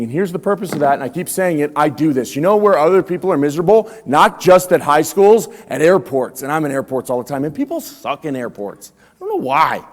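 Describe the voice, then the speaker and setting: Slangy motivational speaker in a reverberant hall. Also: male voice, fairly high pitch. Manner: casual slangy, quizzes the audience. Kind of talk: motivational talk to students. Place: school room with students.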